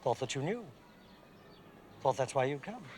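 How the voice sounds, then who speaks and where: An older actor playing a clipped, drily ironic senior barrister, in a film drama. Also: male voice, mid-range voice, big pitch swings, normal speed, darkish tone, a little hiss or hum, close to an everyday voice. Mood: wry. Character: dry, worldly old English barrister.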